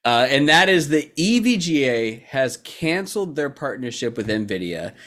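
A man's voice: mid-range voice, very animated, normal speed, fairly bright tone. A young man from Texas co-hosting a podcast in casual, rambling chat full of fillers and restarts. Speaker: podcast co-host.

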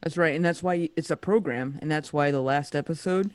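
Man, co-host, fairly high voice, dry sarcasm, casual swearing. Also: brisk, dry recording. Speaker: podcast co-host. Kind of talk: casual chat.

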